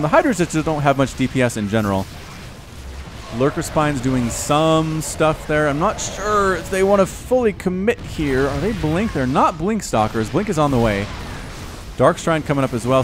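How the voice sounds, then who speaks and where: A man in his thirties casts a video game match in a loose, chatty way, his voice jumping up in pitch and volume whenever a fight breaks out. Soft music plays quietly behind him. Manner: excitable, rises sharply in pitch and volume at big plays. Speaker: game caster. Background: faint background music.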